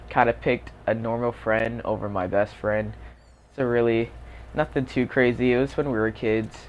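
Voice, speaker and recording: A young man casually telling a rambling storytime over gameplay, full of fillers and self-deprecating asides. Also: lowish voice. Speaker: gaming YouTuber. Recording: dull lo-fi mic with faint noise.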